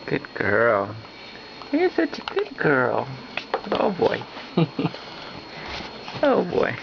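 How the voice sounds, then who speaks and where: Slow sing-song baby talk from a man. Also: medium pitch, wildly swooping pitch, gravelly. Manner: sing-song, playful, laughing often. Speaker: parent feeding a baby. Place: at home. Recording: muffled home video with background noise.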